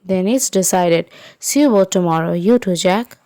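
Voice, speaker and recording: A woman's voice: lowish voice, normal speed, warm tone, no room sound, close to an everyday voice. A woman voicing a protective mother who worries about her grown sons, earnest and insistent.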